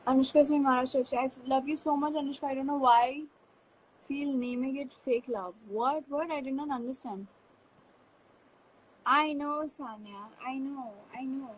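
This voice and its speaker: A woman's voice: high voice, fairly even intonation, moderate pace, a little hiss or hum, rough recording. A woman hosting a casual live stream, chatty and upbeat, reading fan comments aloud into a phone.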